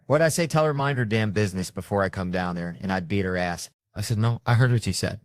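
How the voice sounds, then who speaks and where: A man's voice: on the low side, fast, dry recording. A man doing stand-up storytelling, brash and profane, jumping into other people's voices as he acts out his stories. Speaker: stand-up comedian.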